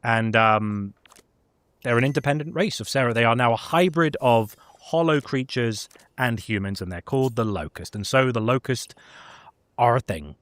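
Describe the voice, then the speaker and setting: A man talks through a video game's backstory in a loose, chatty way, full of fillers and asides. His voice sits at a middling pitch, relaxed and conversational. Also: normal speed, no room sound. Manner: chatty, many fillers and laughs. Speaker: gaming lore presenter. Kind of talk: casual lore recap chat.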